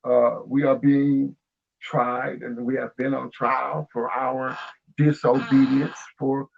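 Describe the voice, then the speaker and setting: A man speaking slowly and haltingly with many pauses, preaching on spiritual matters. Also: mid-range voice, little pitch movement, vocal fry. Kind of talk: spiritual discussion. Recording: dull lo-fi sound.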